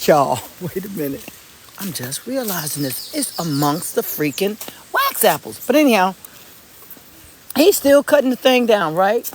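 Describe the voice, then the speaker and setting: A vlogger chatting casually on a live stream from an outdoor garden, telling stories bluntly with swearing and excited exclamations. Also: mid-range voice, unhurried, background noise. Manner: animated, blunt storytelling with swearing; excited exclamations while looking at plants. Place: outdoors in a garden among fruit trees.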